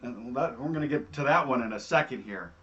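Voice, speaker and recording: A man hosting a show, telling stories in a casual, animated way and often adding "all right?". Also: mid-range voice, a little fast, highs cut off. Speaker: host. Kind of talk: casual storytelling.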